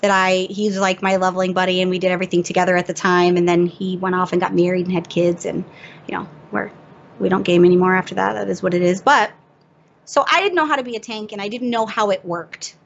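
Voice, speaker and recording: Animated woman on a lo-fi podcast. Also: on the low side, quick pace, gravelly, a little hiss or hum. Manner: animated, self-mocking, laughs through the story. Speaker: podcast guest. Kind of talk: casual storytelling chat. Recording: dull lo-fi audio.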